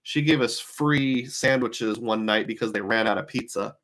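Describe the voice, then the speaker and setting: A man's voice: medium pitch, moderate pace, a bit bright. A man giving a casual live talk to viewers on travel rewards, musing aloud and asking many rhetorical questions.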